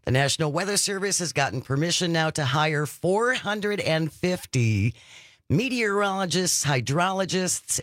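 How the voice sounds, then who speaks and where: A man's voice: fairly high pitch, fairly bright tone, no echo. A man co-hosting a political talk show, making dry, sarcastic remarks and reading news items. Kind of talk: opinionated political chat.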